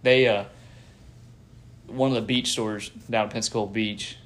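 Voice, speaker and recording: A man's voice: fairly low pitch, steady tone, normal speed, a bit bright. A man co-hosting a podcast in casual chat, laid-back and profane, often hedging his opinions. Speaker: podcast co-host.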